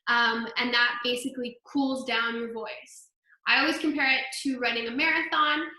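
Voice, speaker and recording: Bright-voiced young woman voice teacher. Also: fairly high pitch, fairly even intonation, normal speed. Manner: chatty, upbeat, filler-heavy, sings exercises. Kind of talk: online group voice lesson. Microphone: laptop microphone. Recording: echoey room, piano nearby. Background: faint piano.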